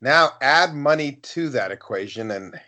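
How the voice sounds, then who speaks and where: A man's voice: mid-range voice, expressive, a little slow, bright, forceful tone. A man co-hosting a podcast, speaking in a loose, conversational way. He is blunt and swears freely, and he drifts into stories from his own life. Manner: blunt and profane, tells anecdotes. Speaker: podcast co-host. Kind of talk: casual chat.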